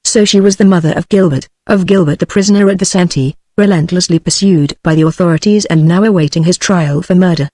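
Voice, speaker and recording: A woman's voice: fairly low pitch, fairly quick, few pauses, warm tone, no room sound. British woman TTS audiobook narrator. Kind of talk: text-to-speech book reading.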